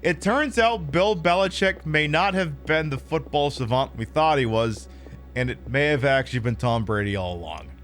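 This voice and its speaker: A man's voice: fairly high pitch, soft background music. A man hosting a live stream, chatting casually and rambling while he plays a game. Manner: rambling, animated, drops into quick impressions. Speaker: streamer host.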